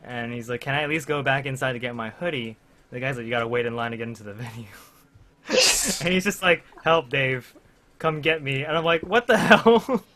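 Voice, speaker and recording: Young man, podcast co-host, bright voice, rambling casual storytelling. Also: mid-range voice, quick pace. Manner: rambling storytelling with fillers and laughs. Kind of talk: casual chat among friends.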